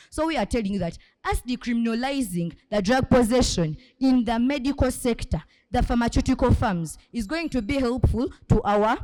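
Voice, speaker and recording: A young woman, making a measured debate argument for the proposition with some halting restarts. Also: fairly high pitch, warm tone. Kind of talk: competitive debate speech.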